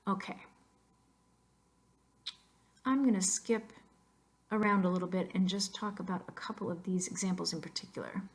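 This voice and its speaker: A woman teacher talks over a slideshow at a middle pitch, playful and emphatic, and dares the listener to try the sounds. She moves easily between English and Spanish and repeats key words slowly. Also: steady tone. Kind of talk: narrated slideshow lesson. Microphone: voice-over on a computer mic.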